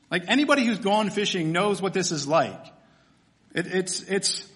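A pastor preaches a sermon in church with a slightly high, somewhat bright voice. He keeps it humorous and conversational, frequently posing questions to his listeners.

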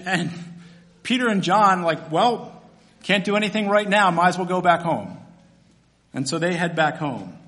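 A man's voice: high voice, fairly bright tone. A man, a pastor, preaching a sermon in a conversational, storytelling way with casual fillers.

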